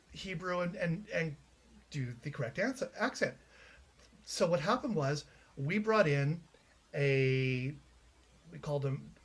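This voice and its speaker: A man's voice: on the high side, creaky, fairly bright tone, husky. A man from Canada, a playwright being interviewed, telling anecdotes in a chatty way with frequent restarts. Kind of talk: casual interview chat.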